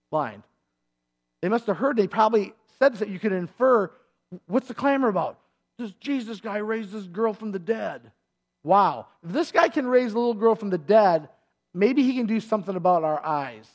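A middle-aged man preaching a sermon, telling the story with energy and acting out the people in it. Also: high-pitched. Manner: animated storytelling, acting out voices and shouts. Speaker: pastor.

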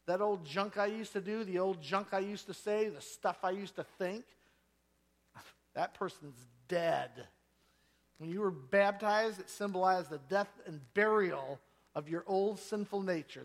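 A man's voice: a little high, vocal fry. A man preaching a sermon, telling stories and acting out the voices of the people in them. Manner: storytelling, acts out voices and quotes. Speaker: pastor.

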